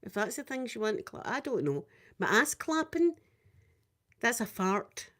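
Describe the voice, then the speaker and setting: A Scottish woman in her fifties, chatting casually with viewers on a live stream, rambling and swinging up and down in pitch. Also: very animated, unhurried, a bit bright. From Scotland. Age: 50s.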